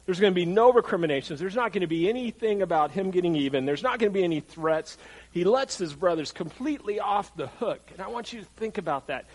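A man's voice: high voice, animated, fast, husky, rough recording. A man preaching a sermon in a conversational way, repeating his phrases for emphasis. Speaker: pastor.

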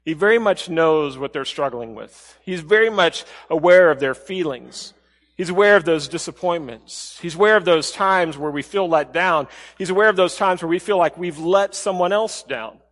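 A man preaching a sermon as a pastor, talking in a conversational way and dropping to a soft low voice when he quotes. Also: in a large hall.

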